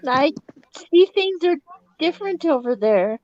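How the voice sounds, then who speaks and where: A woman's voice: high-pitched, lively intonation, takes it slowly, a little mellow, dull audio. A woman chatting with friends, hesitant and giggly as she answers. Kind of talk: casual chat among friends.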